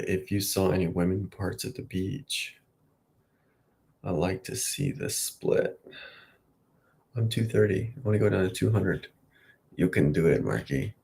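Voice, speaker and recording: A man in his late thirties chats to the camera in a loose, wandering way and cheers himself on as he goes. His voice sits a little low and has a gravelly, fry-heavy edge. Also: warm tone. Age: late 30s. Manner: chatty, self-encouraging, wandering. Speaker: vlogger. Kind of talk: casual rambling self-talk.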